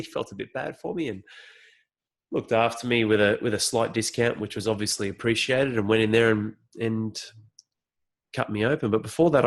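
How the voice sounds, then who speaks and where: A man in his thirties with an Australian accent, telling a personal story and acting out his own past reactions. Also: lowish voice. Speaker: vlogger.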